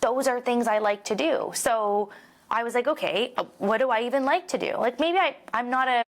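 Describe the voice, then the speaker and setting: A woman's voice: a little high, moderate pace. A woman in her thirties, a realtor guest on a podcast, talking openly and emotionally in a casual conversation, with plenty of "like" and the odd swear word. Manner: open, emotional, peppers speech with "like" and swearing.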